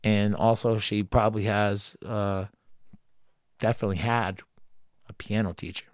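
A man's voice: lowish voice, fairly even intonation, a little slow. A man co-hosting a podcast, recapping an anime episode in casual, profane chat with jokey asides. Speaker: podcast co-host.

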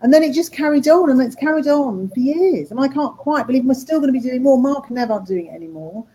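A woman's voice: sits high, lively intonation, quick pace, warm tone, a little hiss or hum, low-quality recording. A woman talking casually about her work in animation and voice acting, rambling with restarts. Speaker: animator and voice actor. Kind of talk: casual interview talk.

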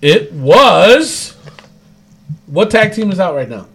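Lively, high-pitched man recapping casually. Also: slow, vocal fry, a crowd in the background. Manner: rambling, restarts, laughs often. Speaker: podcast co-host. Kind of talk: casual chat recapping wrestling.

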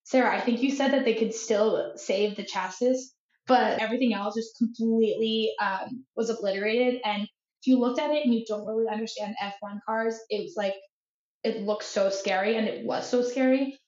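A young woman co-hosting a casual podcast chat, talking excitedly with lots of "like" fillers. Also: on the high side, normal speed. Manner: chatty, many "like" fillers, excitable. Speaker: podcast co-host. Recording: echoey room, dull lo-fi sound.

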